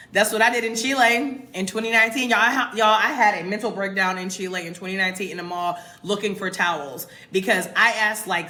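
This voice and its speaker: A woman's voice: mid-range voice, sharp tone. An American woman in her twenties or thirties chatting casually to livestream viewers, emphatic and talking straight to them. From United States. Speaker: expat content creator. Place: home in Mexico. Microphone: phone.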